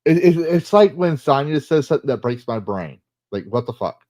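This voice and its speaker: A man's voice: medium pitch, lively intonation, fairly quick, a little mellow, no room sound. A man hosting a casual online discussion, reading posts aloud and reacting with blunt, profane commentary. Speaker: host.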